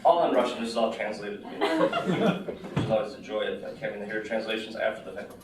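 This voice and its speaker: A male author reading his memoir aloud in an animated way, chuckling between passages. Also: fairly low pitch, fast, far from the mic, a crowd in the background. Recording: echoey room, voice from afar.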